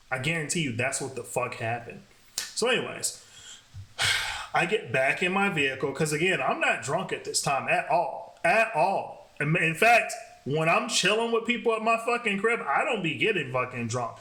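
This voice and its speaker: A man telling a dating story in a casual, profane, animated way. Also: a little high. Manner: profane, animated, fast talking. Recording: roomy echo.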